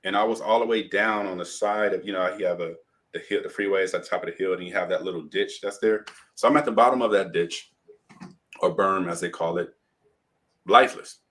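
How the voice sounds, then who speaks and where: A man with a fairly low voice, a guest telling a personal story in an interview. His delivery is vivid, and he acts out the other people's lines as he goes. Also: fairly even intonation, fairly quick, a bit bright.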